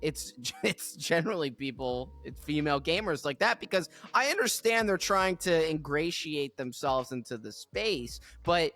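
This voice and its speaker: A man's voice: a little high, lively intonation, normal speed, few pauses, fairly bright tone, faint music behind. A man co-hosting a podcast in casual chat, often laughing through his sentences with a sarcastic edge. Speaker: podcast co-host.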